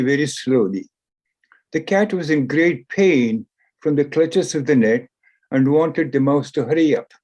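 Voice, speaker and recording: A man lecturing on scripture, retelling an ancient story in a deliberate discourse, repeating phrases for emphasis. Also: a little high, darkish tone.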